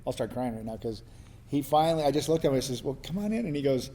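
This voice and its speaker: A man from New Mexico telling lively personal stories as a panelist, laughing and acting out the voices of people he quotes. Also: medium pitch, racing. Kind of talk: storytelling in a panel discussion.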